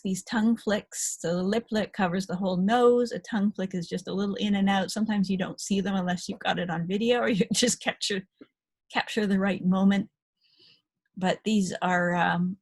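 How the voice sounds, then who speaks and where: A woman's voice: medium pitch, vocal fry, husky. A woman dog-behavior trainer giving a chatty recorded lecture, talking through slide photos with small laughs.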